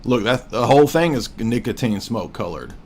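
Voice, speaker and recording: A man's voice: mid-range voice, lively intonation, moderate pace, darkish tone, a little hiss or hum. A man in his forties hosting a livestream, casually mocking what he watches in a rambling, joking way. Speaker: livestream host.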